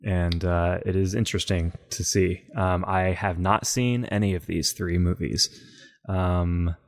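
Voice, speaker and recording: A man co-hosting a casual podcast chat, relaxed and dry, pausing often with hesitations. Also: low-pitched, no room sound. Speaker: podcast co-host.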